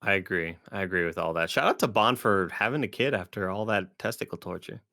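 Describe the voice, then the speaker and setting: A man's voice: deep voice, brisk, gravelly, pushed and bright. Joking man co-hosting a movie chat. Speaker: podcast co-host. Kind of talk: casual movie review chat.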